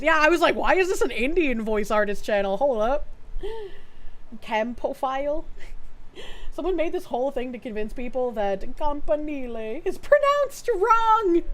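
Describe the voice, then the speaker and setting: An American woman streaming casually, reacting excitably, swearing and laughing often. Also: high-pitched. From United States.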